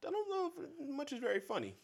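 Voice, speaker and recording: A man's voice: very high voice, huge pitch swings, fast. A man hosting a podcast in a laid-back, teasing casual chat. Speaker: podcast host.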